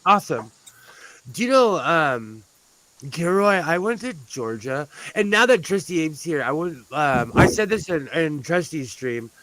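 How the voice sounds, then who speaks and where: A man's voice: on the high side, big pitch swings, a little slow, a bit bright, dry recording, rough recording. A man from California chatting casually on a live stream, rambling through stories and laughing often. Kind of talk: casual chat.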